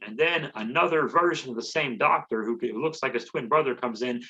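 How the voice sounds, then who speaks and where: A man's voice: mid-range voice, brisk, bright, forceful tone, dull audio. A man hosting a comedy podcast, recapping a movie in a rambling, sarcastic way.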